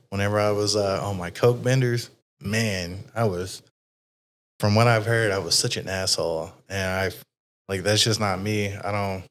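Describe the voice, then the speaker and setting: A man hosting an interview podcast, talking casually and rambling with plenty of swearing. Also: sits low. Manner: rambling, frequently swearing, many fillers. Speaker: podcast host. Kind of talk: casual conversational chat.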